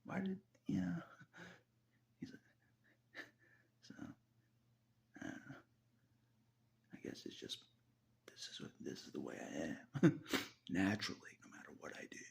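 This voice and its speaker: Gravelly low-voiced man, rambling and whispery. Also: a bit bright. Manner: rambling, laughs often, drops into whispers. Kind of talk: casual personal monologue.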